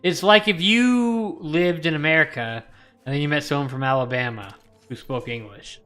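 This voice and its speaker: Bright-voiced East Coast Canadian man. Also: on the high side, normal speed, soft background music. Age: 20s. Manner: emphatic, swears freely. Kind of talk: casual chat while gaming.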